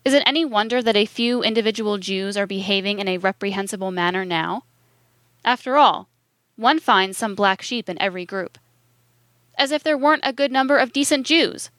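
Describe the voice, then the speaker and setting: A woman's voice: medium pitch, brisk, a bit bright, no room sound, studio quality, lightly acted. A woman reading a stern lecturing man. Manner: emphatic, declaiming. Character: stern older male speaker lecturing a friend.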